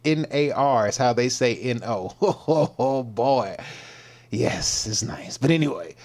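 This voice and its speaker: A man's voice: medium pitch, lively intonation, slow pace, darkish tone. A man hosting his own livestream as a fitness coach, talking casually and slangy, often repeating and stumbling over his words, at times in a mock-preacher style. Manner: slangy, laid-back.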